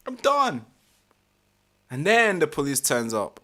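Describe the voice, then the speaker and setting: A man hosting a live reaction stream, talking casually, animated and exasperated, swearing freely. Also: fairly high pitch, slow pace.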